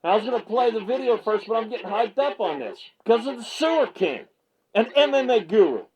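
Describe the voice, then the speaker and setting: Fired-up husky man ranting. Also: high-pitched, a little fast, highs cut off. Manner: fired-up, ranting, repeats himself, stammers when excited. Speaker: MMA media commentator and channel host. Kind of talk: reaction video rant. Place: small home video set.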